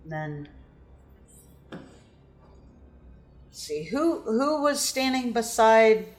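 A woman narrating a tabletop game as game master in a measured storytelling way. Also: fairly high pitch, sing-song, darkish tone. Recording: echoey room with faint music.

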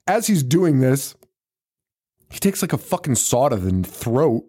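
A man's voice: medium pitch, big pitch swings, measured pace, mellow, breathy edge. A man co-hosting a podcast, chatting casually and profanely as he recaps a movie, laughing and acting out scenes. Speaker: podcast co-host.

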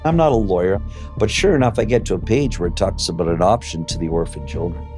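A man giving an emotional, halting account as an interviewee, swearing at times. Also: sits low, a little mellow, faint music behind. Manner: halting and emotional, with fillers and profanity. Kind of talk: emotional personal testimony.

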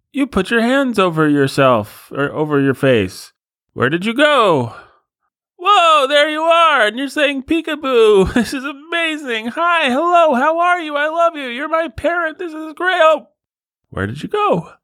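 A man's voice: very high voice, very animated, measured pace, bright, forceful tone, dry recording, clean studio sound, pitched above the performer's own voice, heavily acted. A man doing a squealing, amazed baby. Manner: squealing, gushing, whimpering. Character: wide-eyed bumbling baby, easily amazed.

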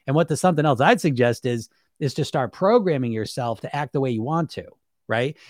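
A man's voice: medium pitch, animated, fairly quick, dry recording, studio quality. A man coaching viewers on weight loss through self-hypnosis in a blunt, emphatic monologue, swearing casually and asking rhetorical questions.

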